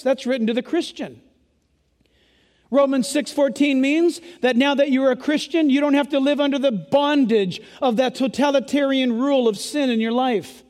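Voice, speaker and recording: A male pastor preaching an impassioned, emphatic sermon to a church, at times yelling. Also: extremely high pitch. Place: church sanctuary. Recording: long hall reverb.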